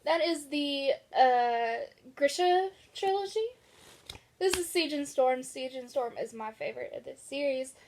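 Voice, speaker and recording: A woman's voice: sits high, animated, a little slow, darkish tone, slight background noise. A young woman vlogging about books in casual chat, chatty and gushing, laughing often. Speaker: book vlogger.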